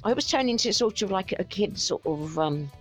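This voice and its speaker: A woman's voice: medium pitch, lively intonation, a little fast, breathy edge, faint music behind. A woman giving sarcastic, exasperated commentary on a video she is watching, chatty and scornful.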